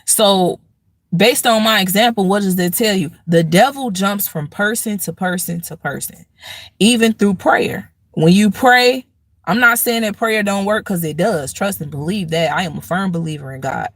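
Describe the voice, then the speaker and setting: A woman's voice: mid-range voice, moderate pace, no room sound. Woman w/ aave preaching bout the devil, storytelling, dry close sound. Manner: preachy, storytelling with acted-out rants. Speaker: host. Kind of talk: casual spiritual talk monologue.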